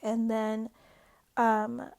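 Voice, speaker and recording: A woman recaps a reality show in loose, chatty talk, constantly saying "like" and "um." Her slightly high voice often drops into gravelly vocal fry, and her delivery is completely flat, extremely slow, and a little mellow.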